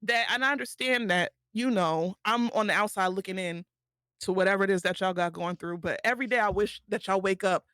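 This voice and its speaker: A woman's voice: medium pitch, a little fast, fairly bright tone, no room sound. A woman streamer, talking tearfully and affectionately to her friends in casual chat.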